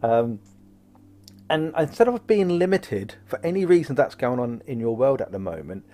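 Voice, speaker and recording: A man doing casual card readings for viewers, chatty and prone to wandering off into jokes. His voice sits at an ordinary middle pitch, and he talks in a loose, friendly ramble. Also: mellow. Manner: rambling, jokey, goes off on tangents. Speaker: psychic card reader, host.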